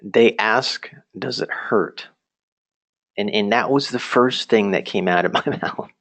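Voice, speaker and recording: A young man with a somewhat low voice tells a personal story to a virtual class. He is chatty and self-deprecating, laughs often and keeps asking his audience questions. The sound is dry and close, with no room echo. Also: normal speed, a bit bright. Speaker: presenter telling a personal story.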